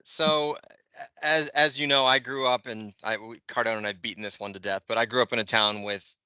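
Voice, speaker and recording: A man in his fifties chats on a podcast with a very bright, crisp voice. He tells stories with animation and swears freely. The mic is close and dry. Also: mid-range voice, fairly even intonation, fairly quick, no echo. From Northeastern US. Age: 50s. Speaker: podcast co-host, Jets fan. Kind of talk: casual podcast chat.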